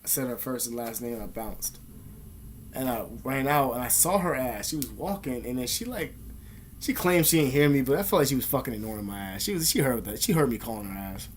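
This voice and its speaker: A man vlogging in a rambling, profane, animated storytelling monologue. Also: medium pitch, fairly quick, a little hiss or hum. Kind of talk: casual monologue.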